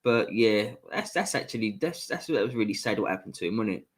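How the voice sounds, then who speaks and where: His voice is fairly low with lively intonation, and he speaks a little fast. An East London man with a Cockney accent, he rambles chattily on a fan livestream, reads out the chat, restarts frequently, and drops casual swears.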